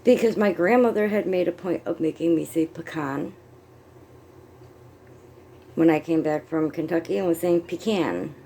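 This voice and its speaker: A woman's voice: on the low side, normal speed, gravelly, pauses often, warm tone, a little hiss or hum. A middle-aged woman from the United States chatting casually on her vlog, rambling and self-amused while she crochets and glances at her notes. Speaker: vlogger. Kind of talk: casual chat.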